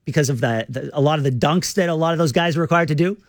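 Brief: male talk radio host, somewhat high pitch, dry studio sound, casual and halting. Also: dry recording. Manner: chatty, halting, many restarts, quick backchannels.

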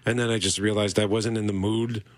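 A man's voice: fairly low pitch, level tone, brisk. A middle-aged man co-hosting a casual movie podcast, chatty and rambling, laughing often. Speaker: podcast co-host. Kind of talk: casual chat about movies.

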